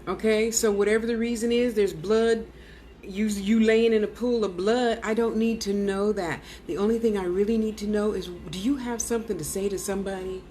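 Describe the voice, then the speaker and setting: A woman's voice: medium pitch, fairly even intonation, normal speed, dark tone, a little hiss or hum. A woman talking casually to an unseen spirit, coaxing and soothing it, with blunt, cursing asides. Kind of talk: casual one-sided spirit talk.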